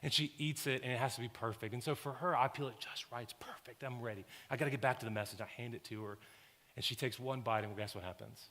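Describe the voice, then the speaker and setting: This is a man in his thirties, a pastor with a Southern American accent, delivering a sermon. His voice is bright and forceful, and it rings through a large sanctuary with a long reverb. He tells stories, moving from hushed asides to loud, lively bursts. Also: mid-range voice, fast talker. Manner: storytelling, swings from hushed to loud animated bursts.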